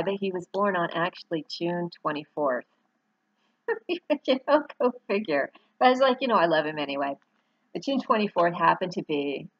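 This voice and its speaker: A woman's voice: fairly low pitch, creaky, dry recording, dull audio. A middle-aged woman talking in a rambling, heartfelt personal vlog, getting choked up at times. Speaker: author and dog owner. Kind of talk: personal vlog, showing photos to camera.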